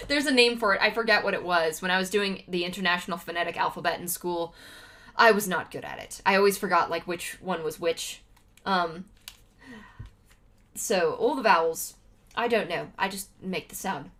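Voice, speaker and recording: A woman's voice: on the low side, moderate pace, a bit bright. A woman livestreaming, chatting casually to her viewers with lots of fillers and laughs. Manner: laughs often between remarks.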